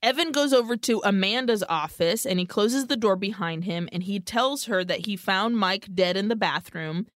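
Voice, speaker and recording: A woman co-hosting a podcast, casually retelling a film's plot with lively, profane storytelling and Spanish words slipped in. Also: mid-range voice, normal speed, few pauses, no room sound, studio quality. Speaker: podcast co-host. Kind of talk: casual movie recap chat.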